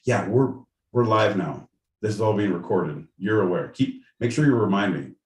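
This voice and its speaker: A man's voice: on the low side, lively intonation, normal speed, a little mellow, recorded from a distance. A man co-hosting a podcast in casual chat, rambling, jokey and profane. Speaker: podcast co-host. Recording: roomy sound, off-mic, faint noise.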